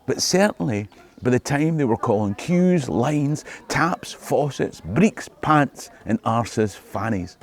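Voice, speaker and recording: A man's voice: mid-range voice, expressive, slow. A middle-aged Scottish man, a history tour guide, delivering a scripted video monologue in a wry, joking way. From Scotland.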